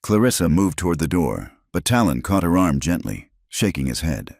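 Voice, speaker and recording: A man with an extremely deep voice narrates a Western story in a measured, dramatic way. His pitch moves a lot. The recording is dry and close, with no room sound. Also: big pitch swings, creaky, a little mellow, dry recording.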